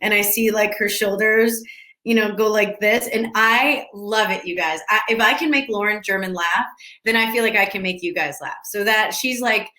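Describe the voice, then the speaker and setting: A woman talks with fans over a video call, her voice bright and forward. She rambles, restarts her sentences and keeps the chat loose and casual. The room around her rings with a noticeable echo. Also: medium pitch, moderate pace. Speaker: actress answering fan questions. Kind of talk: casual virtual Q&A. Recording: echoey room.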